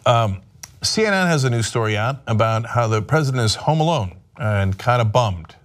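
A man's voice: mid-range voice, normal speed. Sarcastic male political commentator. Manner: sarcastic, animated, mocking.

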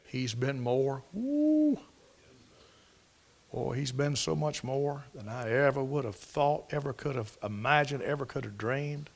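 A man preaching a sermon, telling the story dramatically and swinging from loud exclamations to near whispers. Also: medium pitch, fairly even intonation, normal speed, vocal fry, hardly any pauses.

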